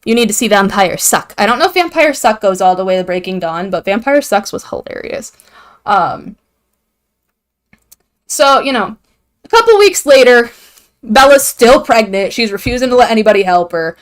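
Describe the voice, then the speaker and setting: A woman's voice: mid-range voice, sing-song, moderate pace. A young woman hosting a video, giving an irreverent, profane comedic recap of a story and acting out the characters' lines. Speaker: video host.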